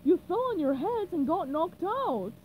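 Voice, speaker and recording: A woman doing a loud, high waiter. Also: big pitch swings, unhurried, phone-quality sound, a little hiss or hum, full character voice. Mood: rousing. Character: friendly restaurant waiter.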